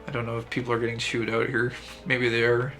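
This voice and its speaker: Brief: man streamer, casual wry commentary, bright voice, flat delivery. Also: medium pitch, fast, faint music behind. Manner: wry, laughing asides.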